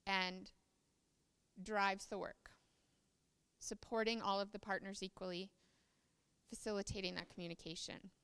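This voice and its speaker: A woman's voice: fairly high pitch, a bit bright, clean tone, long reverb tail. A woman giving a conference presentation, explaining ideas and reading passages aloud from notes on a podium microphone.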